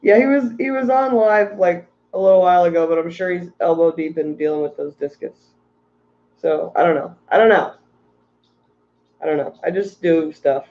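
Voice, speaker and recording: A man's voice: high-pitched, moderate pace, dull audio. A tired man hosting a casual livestream about aquarium fish, rambling and ranting while reading out chat messages. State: tired from little sleep.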